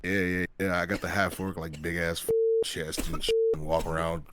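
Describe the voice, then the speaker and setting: Deep-voiced man in laid-back podcast chat. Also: normal speed, very noisy. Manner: relaxed, rambling, slangy with mild swearing. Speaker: podcast co-host. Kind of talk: casual chat.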